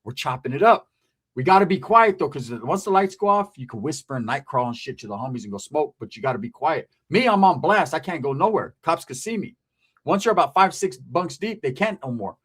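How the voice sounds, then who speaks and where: Male guest from California, casual profane storyteller who plays out the voices, slightly raised pitch. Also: a little fast, husky. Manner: profane, animated, acts out quoted voices. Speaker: guest recounting his past.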